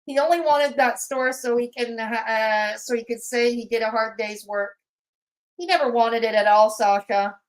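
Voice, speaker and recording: A woman runs a live commentary stream, her voice sitting high. She talks back to the clips with sarcastic, mocking jabs. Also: steady tone, normal speed, rough recording. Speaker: commentary channel host.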